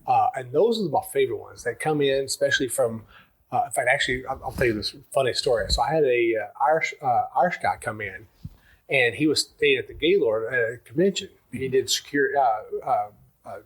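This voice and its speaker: Husky male podcast host telling stories. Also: medium pitch, lively intonation, a little fast, fairly bright tone. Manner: rambling storyteller with many fillers. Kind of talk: casual chat, telling anecdotes.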